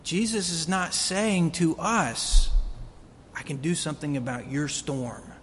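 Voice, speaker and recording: A man's voice: takes it slowly, a bit bright. A man preaching a sermon earnestly, building to emphatic peaks. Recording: long reverb of a hall, faint rumble.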